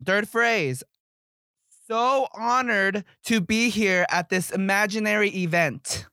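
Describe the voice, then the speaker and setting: A man's voice: high voice, takes it slowly, gravelly, sharp tone, no echo, studio quality. A buzzed man co-hosting a casual podcast chat, giggly and playful as he fumbles repeated phrases. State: buzzed from drinking. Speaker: podcast co-host.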